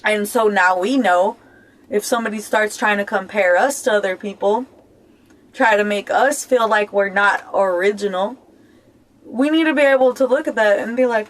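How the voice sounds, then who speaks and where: A woman's voice: medium pitch, moderate pace, poor audio. Blunt, joking woman giving life advice. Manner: blunt, swears freely, keeps checking in with "okay?"; laughs often and jokes between points. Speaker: self-help vlogger. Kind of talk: casual motivational talk.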